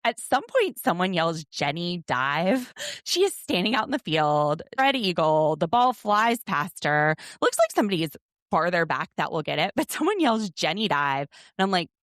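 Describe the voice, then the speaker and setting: Speaking at normal speed in a voice on the low side with big pitch swings, this American podcast host in her thirties offers casual recap commentary. Her take is chatty and wry, full of jokes at her own expense, and the studio-quality recording is dry.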